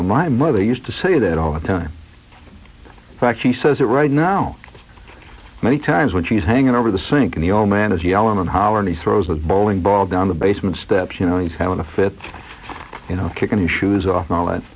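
Low husky man on old lo-fi radio. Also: lively intonation, a little fast. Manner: wry storyteller, musing aloud with many fillers and asides. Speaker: radio host. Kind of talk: rambling late-night radio monologue. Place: radio studio. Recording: dull lo-fi old radio broadcast.

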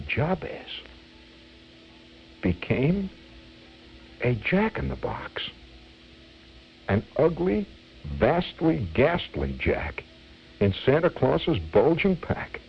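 Husky radio guy reading a poem real slow, hammy and teasing, muffled old recording w faint music. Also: medium pitch, very animated. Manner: playful, teasing asides to listeners; chuckling, theatrical. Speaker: radio host reading poetry. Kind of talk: dramatic poetry reading.

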